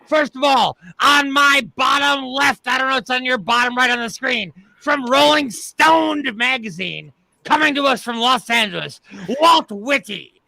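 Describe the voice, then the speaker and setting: A man's voice: very high voice, a little slow, vocal fry, no echo, exaggerated voice. A man playing a brash, blustering host of a mock news panel in a comedy sketch, on a video call. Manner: loud, blustering, pushy.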